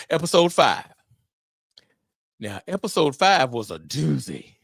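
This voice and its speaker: A middle-aged man hosting a solo podcast on fatherhood, talking in an animated, preacher-like way with exclamations. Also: a little high, measured pace, gravelly, long pauses, breathy edge, dry recording, studio quality. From Memphis area, US. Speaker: podcast host.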